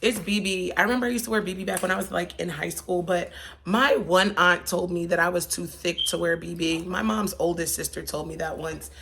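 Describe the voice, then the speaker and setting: A woman's voice: lowish voice, fairly even intonation, a little fast, creaky, a bit bright. A young woman from Pennsylvania vlogging in a chatty, rambling, slangy way that turns emotional. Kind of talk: casual chat. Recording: faint background noise.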